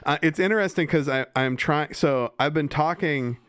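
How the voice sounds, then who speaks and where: A man co-hosts a podcast, chatting casually and rambling through profane jokes. His voice is a little high, clear, resonant and fairly bright, at a moderate pace. The studio-quality recording has no echo and was made on a studio mic with monitors.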